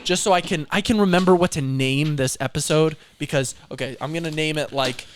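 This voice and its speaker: A young man hosting a casual podcast, ranting in an excitable way and repeating himself as he talks. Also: on the high side, brisk, slight background noise. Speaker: podcast host.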